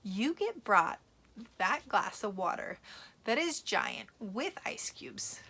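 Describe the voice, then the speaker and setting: Bilingual teacher, woman, bright, animated read-aloud for kids, playful. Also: mid-range voice, slow, breathy edge. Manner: switches between English and Spanish, animated, playful.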